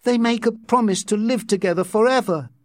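A man's voice: high voice, brisk, no room sound, studio quality, voice pushed up, lightly acted. A man voicing an intense, idealistic young man, earnest and impassioned, in a read-aloud story.

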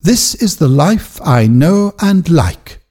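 A man's voice: on the high side, big pitch swings, slow, a little mellow, voice pushed up, full character voice. A man voicing a firm, loyal young village woman in a storybook reading, speaking with resolve.

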